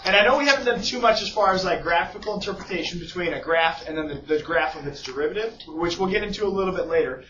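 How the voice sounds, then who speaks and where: A man teaching a class in a casual, chatty way, his voice a little higher than most men's. He is recorded from across an echoing room on a dull, muffled recording. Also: fast, hardly any pauses, fairly bright tone, recorded from a distance, slight background noise. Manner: casual, keeps checking in with "okay?" and "right?". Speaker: math teacher. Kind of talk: classroom lecture.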